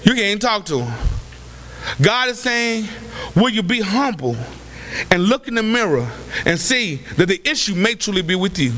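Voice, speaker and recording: A man preaching a sermon, asking his listeners question after question, breaking into shouts and dropping low to act out the people he quotes. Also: very animated, normal speed, pauses often, big-room sound, slight background noise. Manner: acts out quoted voices in a lower register.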